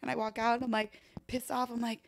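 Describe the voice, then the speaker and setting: A woman in her thirties, a bartender guest on a podcast, telling stories in a lively, profane way with frequent laughter. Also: a little high, fast talker, vocal fry. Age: 30s. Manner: animated, profane, laughs often, acts out voices in anecdotes. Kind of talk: casual podcast storytelling. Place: podcast live stream room.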